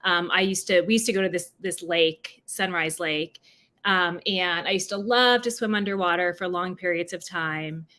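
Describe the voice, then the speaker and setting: Brief: woman author from New Jersey, lowish and bright, thinks aloud with ums and restarts, video call. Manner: halting, many fillers and restarts. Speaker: author being interviewed. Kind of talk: livestreamed book event conversation.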